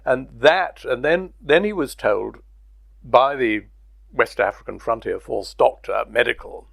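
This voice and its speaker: A man's voice: mid-range voice, measured pace, gravelly, dry recording. An older man recalling his career in an oral history interview, telling stories with chuckles. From Britain. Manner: anecdotal, chuckling storyteller.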